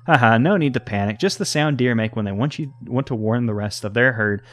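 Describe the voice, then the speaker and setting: A man's voice: mid-range voice, brisk, a bit bright, lightly acted. A man reading aloud the lines of a confident, upbeat local woman who guides hikes in a video game. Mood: reassuring. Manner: reading dialogue aloud, breezy and reassuring.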